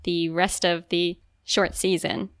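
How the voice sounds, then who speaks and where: A woman's voice: fairly low pitch, flat delivery, takes it slowly, clear, resonant tone, dry recording, studio quality. A young woman co-hosting a podcast in casual chat, talking loosely with lots of "like" fillers and easy laughs. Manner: chatty, many "like" fillers, giggly. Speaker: podcast co-host.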